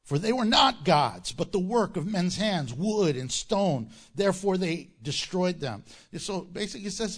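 A man preaching a sermon as pastor, animated and joking, often laughing at his own lines. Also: high voice, normal speed.

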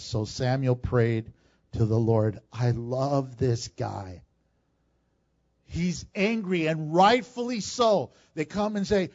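A male pastor preaches a sermon to his church in a high, lively voice, shifting between scripture readings and plain talk. He stays animated throughout at a slow pace, and the recording sounds dull and lo-fi.

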